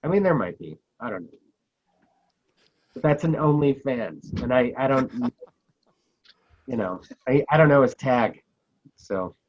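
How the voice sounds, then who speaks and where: A man's voice: medium pitch, lively intonation, a little slow, long pauses, darkish tone. A man hosting a podcast, talking in a hesitant way with many fillers, on a muffled recording. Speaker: host. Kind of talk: casual podcast chat. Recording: dull, muffled line.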